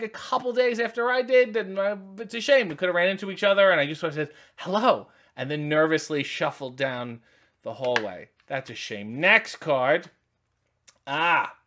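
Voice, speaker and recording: A man's voice: high-pitched, fairly bright tone. A man in his forties hosting a casual unboxing video, rambling with wry jokes and many asides. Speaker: channel host.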